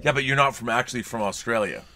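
This co-host talks fast in a pushed, bright, mid-range voice, with no room sound. Joking around on a casual film podcast recorded in a home studio with collectibles, he reads viewer super chats aloud.

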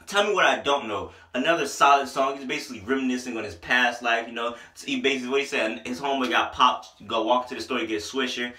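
A man's voice: medium pitch, fast talker, few pauses, sharp tone, roomy sound. A young man giving a casual, slangy music review. He jokes and rambles, repeats himself, and sounds worn down by a headache. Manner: loose, joking, slangy, trails off and repeats himself. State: has a headache, low-energy at times. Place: small indoor room.

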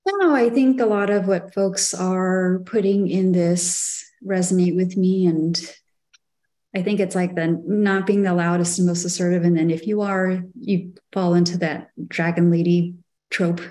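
A woman answering on a panel discussion in a fairly low voice. She speaks in a measured, reflective way. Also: fairly even intonation, warm tone.

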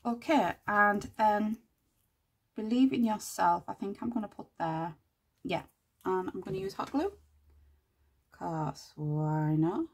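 A woman hosting a casual crafting tutorial, chatting and thinking aloud as she works, with quiet muttered asides to herself. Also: medium pitch, lively intonation, slow, creaky, pauses often, slightly rough. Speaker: craft channel host.

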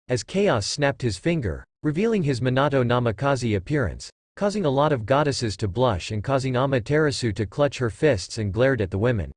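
A man's voice: medium pitch, expressive, a little fast, few pauses, dry recording, clean studio sound. A man narrating fan fiction aloud in a plain reading voice with small stumbles.

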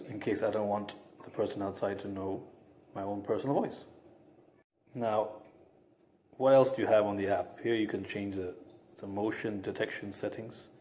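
Low-voiced man demoing a gadget. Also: darkish tone, slight background noise. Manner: chatty, step-by-step explaining. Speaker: product reviewer. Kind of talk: casual product demo.

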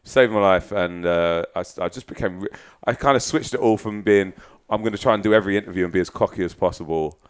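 Candid self-mocking man, low voice. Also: fast, few pauses, clean tone. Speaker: podcast guest, musician. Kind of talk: casual chat.

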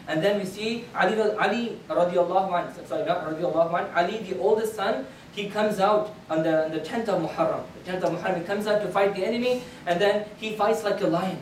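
A man's voice: high-pitched, fast talker, hardly any pauses. A man giving a Friday sermon, earnestly retelling a historical account and often restarting his sentences. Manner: earnest storytelling with frequent restarts. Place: prayer hall of a community center. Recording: roomy hall, speaker far from the mic, faint background noise.

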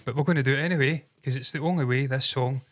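A man's voice: medium pitch, quick pace, a bit bright. A man from the United Kingdom co-hosting a video reaction chat, sweary and sarcastic, prone to ranting asides. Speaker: co-host of a reaction channel.

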